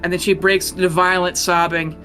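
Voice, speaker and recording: Bright, casual game master narrating. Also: medium pitch, flat delivery, a little fast, soft background music. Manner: casual storytelling with fillers and laughs.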